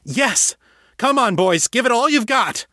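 A man's voice: a little high, very animated, normal speed, creaky, dry recording, studio quality, pitched above the performer's own voice, exaggerated voice. A man doing a bellowing airship spellcaster. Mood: excited. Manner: shouting commands. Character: male airship spellcaster leader, bellowing orders to his crew.

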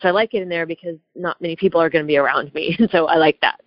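Speaking very fast in a low-pitched voice, a woman tells a personal story in a chatty, heated way, peppering it with "like" and frequent "right?". The recording is dull, lo-fi and dry, with no echo.

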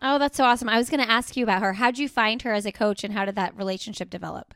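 A woman's voice: on the high side, racing, fairly bright tone, clear, resonant tone. Upbeat woman hosting a podcast. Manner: upbeat, chatty. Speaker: podcast host. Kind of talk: podcast intro and interview.

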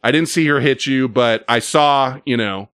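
A man voicing a calm, weary boyfriend who speaks plainly and matter-of-factly. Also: medium pitch, moderate pace, clean tone, dry recording, lightly acted.

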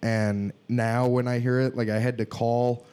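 Wisconsin man in halting casual chat. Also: medium pitch, flat delivery, warm tone, smooth. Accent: Wisconsin Midwestern. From Wisconsin, US Midwest. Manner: halting, many restarts and laughs.

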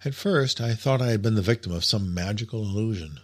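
Male audiobook narrator, lowish voice, measured and expressive, reading old literary prose. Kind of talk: scripted narration.

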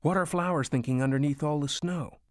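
A man's voice: fairly high pitch, brisk, no echo, clean studio sound, voice pushed up, close to an everyday voice. A man voicing a sweet young boy in a storybook reading, pleading and sobbing in a raised voice. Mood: eager.

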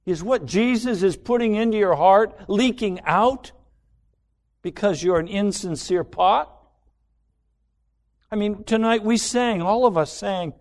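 A male preacher delivering a sermon in a slightly high voice. He speaks slowly and deliberately, leaning on rhetorical questions and acting out the voice of self-love. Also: sing-song. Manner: dramatic, mimics inner voice of self-love.

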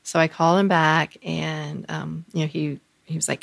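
A woman podcast co-host, telling a candid personal story, animated and full of fillers, acting out the voices of people she quotes. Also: low voice, normal speed, gravelly, no room sound.

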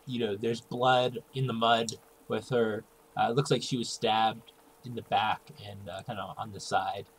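A man narrating as game master of a tabletop game, in a relaxed, halting way with fillers and chuckles. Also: lowish voice, poor audio. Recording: faint background noise.

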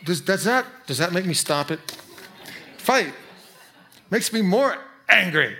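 Male pastor preaching, casual asides, voice sits a bit high. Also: expressive, pushed and bright. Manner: conversational preaching with quick asides. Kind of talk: sermon.

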